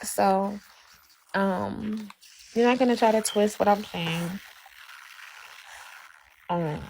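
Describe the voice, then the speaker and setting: A woman's voice: medium pitch, slow, pauses often, a little mellow, a little hiss or hum. A woman fervently sharing a religious testimony, preaching and repeating phrases for emphasis. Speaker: guest.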